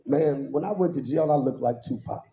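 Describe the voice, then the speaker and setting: Brief: man, very mellow dark tone, animated comic storyteller at a church service, roomy hall sound. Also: normal speed, creaky, lo-fi sound, slight background noise. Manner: animated, acts out quoted voices with sudden high pitch jumps; laughs through his own punchlines. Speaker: guest speaker at a worship service. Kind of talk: humorous storytelling testimony.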